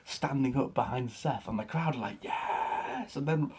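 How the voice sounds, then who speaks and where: A young man excitedly recapping a wrestling show in a rambling, casual way, with lots of fillers and swearing. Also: medium pitch, a little fast, slightly rough. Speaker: wrestling reaction vlogger.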